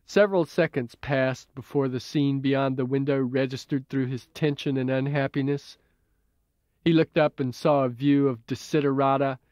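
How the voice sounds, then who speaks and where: A man reading his own novel as an audiobook in a measured, even way, heard as dull old tape. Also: medium pitch, no room sound. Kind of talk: audiobook narration.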